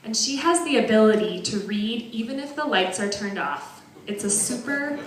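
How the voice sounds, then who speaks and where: A young woman from northern Wisconsin, a parent giving an earnest, measured prepared speech at a benefit dinner in a large banquet hall. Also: fairly high pitch, animated. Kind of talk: prepared speech read aloud.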